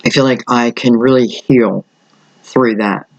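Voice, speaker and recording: Older man, rambling and slightly hoarse. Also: mid-range voice, steady tone, measured pace, no room sound, muffled recording. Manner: thinks aloud, rambling, with frequent fillers. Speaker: tarot reader. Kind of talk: rambling solo tarot reading.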